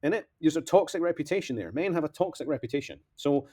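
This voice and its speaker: A man's voice: a little high, expressive, fast, dark tone. A man delivering a rambling political monologue as a candidate, impassioned, veering between outbursts and mutters.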